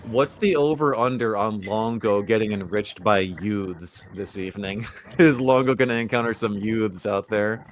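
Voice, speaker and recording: A man's voice: lowish voice, steady tone, normal speed, hardly any pauses, a little hiss or hum. A man hosting a casual livestream chat, laid-back and teasing with crude banter. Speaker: host.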